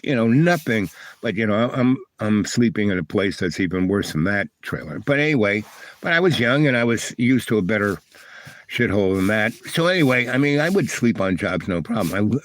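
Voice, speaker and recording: A man's voice: mid-range voice, dry recording. An older man hosting a livestream, telling a meandering personal story with many restarts and fillers. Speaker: livestream host. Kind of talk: rambling storytelling.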